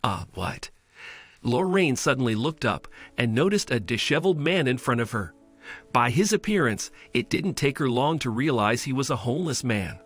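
Male storyteller, steady scripted narration, mid-pitched, light music under. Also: normal speed, slightly rough. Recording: faint music bed.

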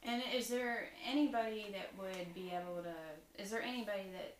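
A woman's voice: medium pitch, moderate pace. A woman interviewer poses careful questions, hesitating and restarting as she finds her words. Her voice sits far from the microphone, with room echo and a faint hiss around it. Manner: hesitant, many fillers and restarts while framing questions. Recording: echoey room, distant mic, faint hiss.

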